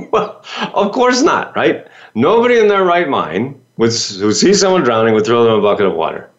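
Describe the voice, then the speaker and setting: Lively man giving a motivational talk. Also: mid-range voice, normal speed, muffled recording. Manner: lively, rhetorical questions, folksy. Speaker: business coach.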